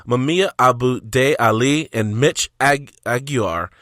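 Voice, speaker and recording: A man's voice: mid-range voice, takes it slowly, fairly bright tone, no room sound, clean studio sound. A man co-hosting a combat sports podcast in casual chat, arguing his point playfully and acting out mock quotes. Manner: playful, argues with mock-dramatic quoted voices. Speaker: podcast co-host.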